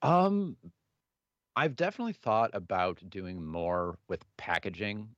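A man in his thirties speaks in a very low voice and talks casually about his music. He hesitates often, full of fillers and restarts. The sound is dull and dry, with no room around it. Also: very animated, no room sound. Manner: halting, many fillers and restarts. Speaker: musician guest. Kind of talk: casual interview answers.

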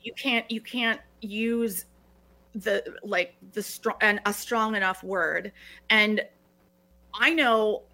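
Bright-voiced middle-aged woman, earnest and halting. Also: medium pitch. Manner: earnest, restarting phrases often. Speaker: guest. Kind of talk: reflective podcast conversation.

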